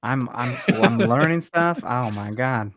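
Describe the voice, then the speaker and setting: A man's voice: mid-range voice, lively intonation, unhurried, a bit bright, no echo. A young man co-hosting a casual sports podcast, joking and teasing his co-host in a playful way.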